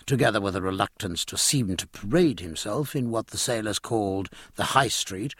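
Brief: male audiobook narrator, husky tone, animated delivery. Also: mid-range voice, dry recording, clean studio sound. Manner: expressive, measured storytelling. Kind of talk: scripted narration.

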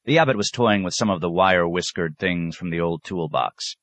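A man reading a novel aloud as narrator, in a measured, even manner. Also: sits low, no room sound. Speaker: audiobook narrator. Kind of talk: scripted narration.

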